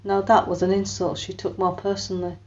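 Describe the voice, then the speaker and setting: With brisk pacing and a mid-range voice, this female narrator performs an audiobook, giving characters distinct voices and going higher on quoted lines. The sound is lo-fi.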